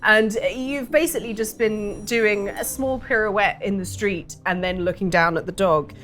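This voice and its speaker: A woman's voice: medium pitch, moderate pace, a bit bright, soft background music. A woman narrating a tabletop game as game master, chatty and giggly, with many hesitant fillers.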